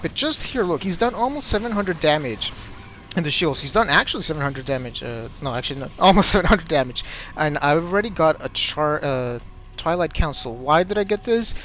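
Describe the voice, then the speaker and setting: A young man commentating his own game replay as a tutorial, excitable and quick to get flustered in the fights. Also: fairly high pitch, a little hiss or hum.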